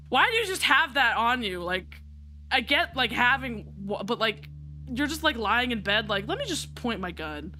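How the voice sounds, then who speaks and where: Bright-voiced woman streamer reading aloud. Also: fairly high pitch, animated, measured pace. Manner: casual, rambling with many fillers.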